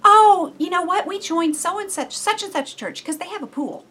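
A woman voicing a young mother who explains, brightly and dismissively, why she left for another church. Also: extremely high pitch, normal speed, pitched above the performer's own voice. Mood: breezy.

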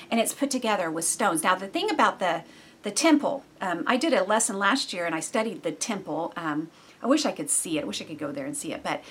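A middle-aged woman preacher with a husky, slightly breathy voice. She talks through her sermon like a chat, animated and full of asides, and drops low and soft for the serious points. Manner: conversational and animated, with frequent asides.

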